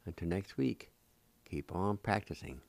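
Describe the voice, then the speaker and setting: A man leads a radio language lesson in an unhurried, low, mellow voice. He spells each word letter by letter and repeats every syllable with patient care. The sound is close and dry. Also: animated, gravelly, dry recording. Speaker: Cherokee language teacher and radio host.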